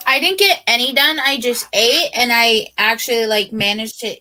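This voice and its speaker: A young woman on a casual video call chat, talking in a halting, hesitant way. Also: a little high, sharp tone.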